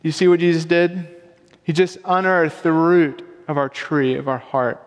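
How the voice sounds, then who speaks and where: A young pastor preaches at a moderate pace in a slightly high voice, keeping things casual and conversational. He pokes fun at himself along the way, and a long hall reverb trails his words.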